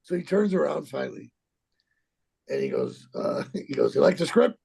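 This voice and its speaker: A gravelly, husky man in his sixties, recounting a story in an interview. His speech rambles and stumbles, with plenty of cursing and restarts, and his pitch swings widely from low growls to sudden high notes. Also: wildly swooping pitch, darkish tone. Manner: rambling, profane, halting with repeats and laughs. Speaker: actor telling a story.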